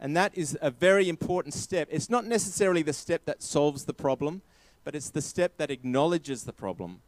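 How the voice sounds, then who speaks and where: A man's voice: on the high side, lively intonation, a little fast, no room sound. Emphatic male preacher, dry sound. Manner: emphatic, repeating key phrases. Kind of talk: sermon.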